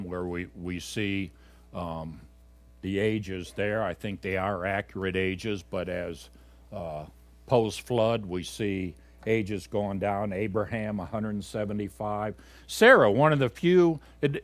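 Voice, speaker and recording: A male pastor preaching a sermon to his congregation. He swings between loud, emphatic exhortation and quiet, low asides, talking conversationally with fillers and self-corrections.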